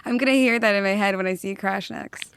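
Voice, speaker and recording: A woman's voice: medium pitch, fast talker, fairly bright tone, clear, resonant tone, no room sound. Teasing, wry female podcast co-host. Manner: dry teasing quips, often laughing. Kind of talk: casual podcast chat.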